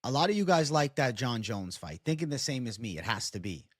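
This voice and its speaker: A man hosting a casual livestream and chatting with viewers, animated and profane. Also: medium pitch, fairly quick, dry recording, clean studio sound. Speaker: livestream host.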